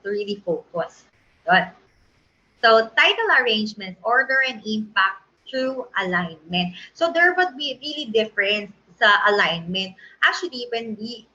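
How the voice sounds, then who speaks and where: A design instructor with a Filipino accent leads a screen-share tutorial in a chatty style, regularly checking that her listeners are on board. Her medium-pitched voice is bright and forceful, though the high frequencies are cut off.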